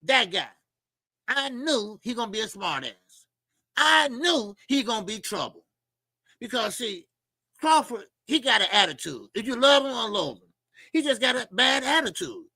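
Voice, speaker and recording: Gravelly, blunt boxing-channel host. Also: male voice, extremely high pitch, very animated, moderate pace, pushed and bright, dry recording. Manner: blunt, profane and mocking; repeats phrases, with frequent fillers. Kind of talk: opinionated boxing commentary rant.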